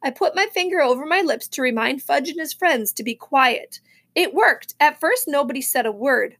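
Woman reading a kids' chapter book aloud, high voice, lively storybook telling. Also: normal speed. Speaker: reader. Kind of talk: reading a children's novel aloud.

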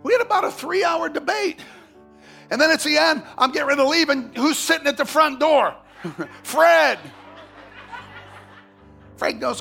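A male pastor preaching a sermon, telling a story with animated swings from hushed asides to shouts. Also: very high voice, unhurried, vocal fry, long pauses, soft background music.

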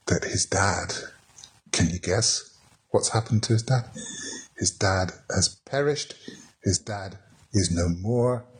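A man teaching a casual poetry lesson, chatty and wry, with many restarts as he reads verse aloud. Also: deep voice. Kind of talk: informal spoken lesson on poetry.

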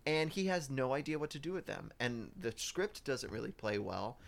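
A man co-hosting a casual movie review podcast, hesitant with many pauses and fillers. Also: medium pitch, sing-song, vocal fry. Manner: hesitant, many ums, looks things up. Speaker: podcast co-host. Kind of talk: casual film review chat.

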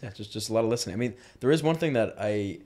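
A man's voice: on the low side, expressive, racing, darkish tone. A man co-hosting a podcast, hesitantly working his way into a question. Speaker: podcast co-host. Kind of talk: casual interview question.

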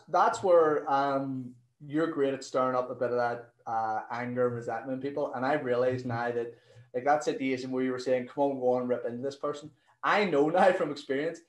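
A man, a nutrition coach telling stories in a casual interview, animated and swearing freely. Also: medium pitch, roomy sound, low-quality recording.

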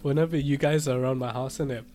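A man's voice: mid-range voice, steady tone, fast talker, dark tone, slight background noise. Young man, slangy and laughing. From United Kingdom. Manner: slangy, laughs often, tags lines with innit. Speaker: podcast co-host. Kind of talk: casual chat.

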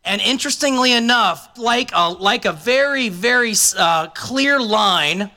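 A man's voice: very high voice, lively intonation, unhurried, bright, forceful tone. A man preaching a sermon as a pastor, talking conversationally and dropping joking asides to the congregation.

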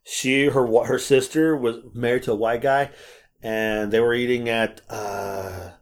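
A man telling stories in a casual chat, animated and swearing freely. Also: mid-range voice, unhurried. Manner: animated storyteller, acts out quotes, swears freely. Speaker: podcast co-host.

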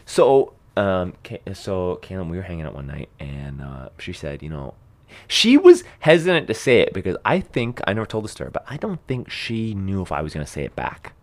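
Animated young man telling a story. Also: deep voice, moderate pace. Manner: animated storyteller, laughs often, drops to a hushed voice when quoting. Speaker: podcast co-host. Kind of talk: casual chat.

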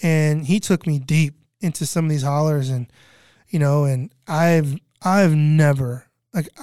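Recounting flood relief work as a guest, this middle-aged man from California rambles through his story in casual conversation, repeats himself, and imitates others' voices. His voice is a little high, warm, and clean, and he takes his time. There's no room sound, just clean studio audio.

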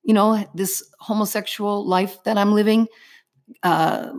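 A woman's voice: medium pitch, fairly even intonation, a little slow. Earnest woman recounting a faith testimony. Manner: earnest, vivid storytelling in present tense. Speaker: interview guest.

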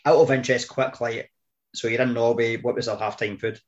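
Joking Scottish host on a muffled line. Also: male voice, medium pitch, level tone, fairly quick, slight background noise. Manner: friendly questioning, jokey. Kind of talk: casual podcast chat. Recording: dull lo-fi sound.

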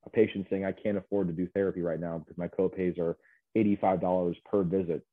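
Deep-voiced man on a tinny line. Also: little pitch movement, no echo. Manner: earnest, halting, many fillers. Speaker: guest, mental health specialist. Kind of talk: casual interview chat. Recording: dry, tinny phone-like line.

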